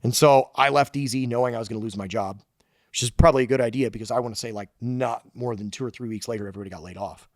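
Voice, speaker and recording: A man with a mid-range voice talks rapid-fire as a podcast guest, a loose storyteller who swears casually. He's an engineer and shop founder, and the recording is studio quality with no echo.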